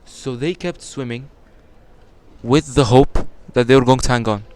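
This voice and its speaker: A man's voice: mid-range voice, measured pace, a little mellow, a little hiss or hum. A young man answering as a podcast guest in casual talk, explaining earnestly and building emphasis.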